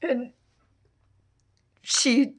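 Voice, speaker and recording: A middle-aged woman telling a painful personal story in an interview, halting and full of restarts. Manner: halting, with many restarts and fillers. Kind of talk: emotional personal testimony.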